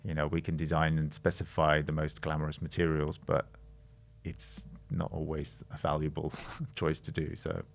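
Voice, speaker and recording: A middle-aged man from the Netherlands talks through his work as a podcast guest, with a low voice and a gravelly edge. He thinks aloud, pausing and restarting often, in a relaxed conversational way. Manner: thoughtful, with frequent hesitations and restarts. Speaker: guest, creative director of a design studio.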